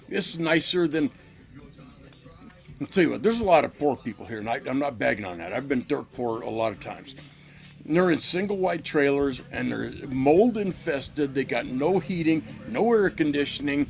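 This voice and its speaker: Gravelly, heated middle-aged man ranting. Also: fairly high pitch, animated, moderate pace, faint music behind. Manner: profane, heated, repeats himself. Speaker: channel host. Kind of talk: angry unscripted rant to camera.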